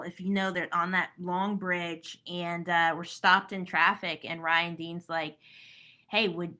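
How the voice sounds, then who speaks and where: A woman in youth ministry chatting casually, unhurried, with frequent affirming laughs. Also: lowish voice, bright, forceful tone. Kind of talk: casual conversation.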